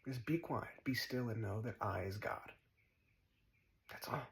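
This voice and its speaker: A man's voice: lowish voice, measured pace, low-quality recording. Blunt, profane spiritual teacher, a man. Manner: blunt, profane and mocking, with repeated short commands. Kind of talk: spiritual monologue.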